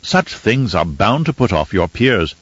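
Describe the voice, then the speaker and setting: A man voicing a fussy, pedantic male etiquette advisor with a smooth, silky voice and overly proper, theatrical manner in an audiobook. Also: medium pitch, very animated, normal speed, no room sound, dull audio. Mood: prim, instructive. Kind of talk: audiobook character reading.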